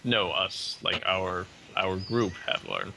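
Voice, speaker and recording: A man role-playing his character in a tabletop fantasy game, formal and a little hesitant. He talks very slowly in a bright, forceful voice, sitting fairly low, with a faint outdoor hum behind. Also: animated, gravelly. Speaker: player.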